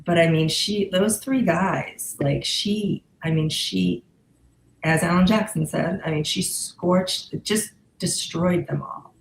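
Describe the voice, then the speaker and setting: A woman's voice: on the low side, takes it slowly, vocal fry. A woman co-hosting a podcast in casual chat who speaks emphatically and repeats herself. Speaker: podcast co-host. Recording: echoey room, faint noise.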